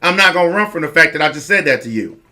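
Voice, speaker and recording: A man with a high-pitched, hard-edged and forceful voice rants to camera. He is blunt and confrontational, full of profanity, and he repeats lines for emphasis. Nothing about him is softened or polite. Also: expressive, quick pace. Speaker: online commentator.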